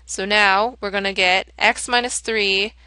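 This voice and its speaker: A woman's voice: medium pitch, fairly even intonation, measured pace, bright, forceful tone, clear, resonant tone, dry recording. A woman teaching a calculus lesson, explaining each step in a casual, chatty way and correcting herself as she goes. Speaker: math teacher. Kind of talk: whiteboard lesson walkthrough.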